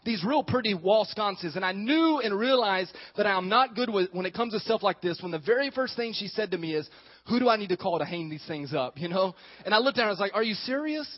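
A man's voice: sits high, expressive, fairly quick, highs cut off. A male pastor preaching a sermon, joking and talking with the congregation.

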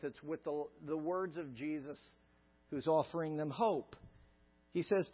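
A man's voice: on the high side, normal speed. A male pastor preaching a sermon with an emphatic, repetitive cadence. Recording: dull lo-fi sound with long reverb.

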